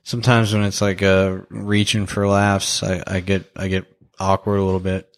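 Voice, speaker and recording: A young man with a deep voice and flat delivery talks at normal speed while co-hosting a podcast movie review. It's a casual, rambling chat full of fillers, false starts and laughter.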